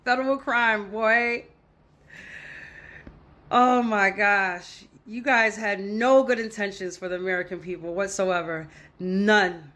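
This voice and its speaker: A woman's voice: medium pitch, steady tone, slow pace, fairly bright tone. A woman filming an angry reaction rant to camera, heated and profane, repeating her points for emphasis. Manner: heated, profane, repetitive ranting. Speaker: social media commentator.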